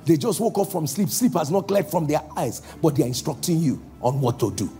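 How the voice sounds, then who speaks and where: A man preaching a sermon as pastor, calling out to the congregation and slowing down for emphatic lines. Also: on the high side, animated, soft background music. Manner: calls out to the congregation, shifting between loud exhortation and slow emphatic lines.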